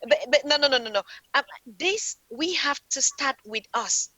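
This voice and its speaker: A woman's voice: high voice, animated, normal speed, over a noisy crowd, rough recording. A woman speaking as a guest on a talk show, impassioned and rising in bursts. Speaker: panel guest. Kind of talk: passionate discussion.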